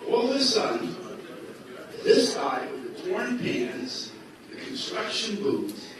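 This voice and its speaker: A man with a high, very lively voice tells a personal story to a gathering and acts out each speaker's lines. He is picked up from far off in a strongly echoing hall, with clear background noise. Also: takes it slowly. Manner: acts out quoted dialogue with shifting voices. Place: large echoey hall at a school. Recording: very echoey hall, voice from far off, noisy.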